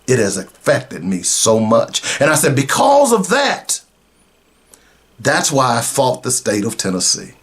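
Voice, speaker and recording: Middle-aged male radio host, earnest storyteller, emotional, mid-pitched voice. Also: animated, fairly bright tone. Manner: emotional, earnest, slow in places. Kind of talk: personal storytelling.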